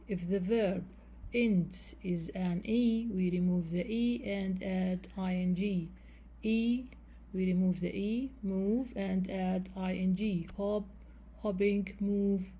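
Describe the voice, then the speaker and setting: A woman teaches English grammar at a very slow, deliberate pace. Her voice is mellow and soft-edged, and she repeats each rule and spells out word endings letter by letter. Her phrasing is sometimes non-native. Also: mid-range voice, steady tone, slightly rough. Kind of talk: slow explanation of grammar rules.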